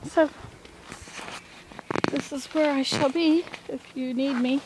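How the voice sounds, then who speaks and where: Woman vlogger, rambling casual chat, mellow tone, outdoor camera sound. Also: sits high, fairly even intonation, takes it slowly, pauses often, slight background noise, poor audio. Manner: rambling, chatty, thinking aloud. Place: outdoors by a marsh.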